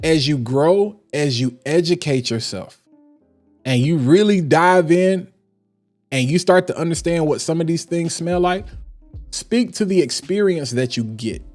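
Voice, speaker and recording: Brief: high-pitched male fragrance reviewer, energetic slangy live-stream talk, faint music behind. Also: measured pace. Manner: animated and emphatic, slangy. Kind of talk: casual live-stream chat.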